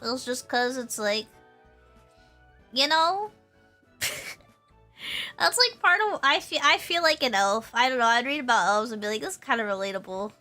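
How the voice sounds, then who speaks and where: Young woman streamer, high and very lively voice, chatty and rambling, faint music underneath. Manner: bubbly, rambling, laughs often, repeats herself. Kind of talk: casual chat with stream chat.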